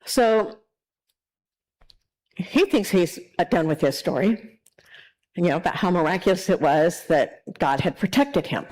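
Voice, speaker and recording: A woman's voice: on the low side, lively intonation, unhurried, long pauses, a little mellow, poor audio. Conversational woman minister telling a story. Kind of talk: storytelling sermon.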